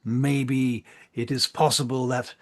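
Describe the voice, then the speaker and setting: A man voicing a suspicious, pompous marshal who speaks slowly and oratorically. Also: medium pitch, little pitch movement, pitched above the performer's own voice. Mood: warning, oratorical. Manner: slow, oratorical, cautioning. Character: suspicious, pompous male marshal addressing a council.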